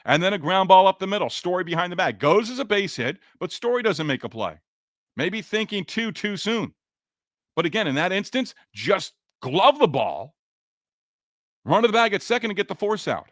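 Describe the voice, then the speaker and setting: Casting: male podcast host, a touch higher voice, venting and sarcastic, dead-dry booth sound. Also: very animated, moderate pace, fairly bright tone, dry recording. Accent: Boston. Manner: frustrated, sarcastic, rambling with restarts. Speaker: podcast host reading listener comments. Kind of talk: casual sports podcast talk.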